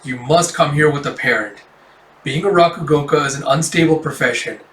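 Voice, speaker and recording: A man's voice: fairly high pitch, brisk, fairly bright tone, echoey room, distant mic, close to an everyday voice, rough recording. A man voicing a flustered rakugo master who rehearses overly sweet greetings. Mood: stern. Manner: theatrical, overly sweet address.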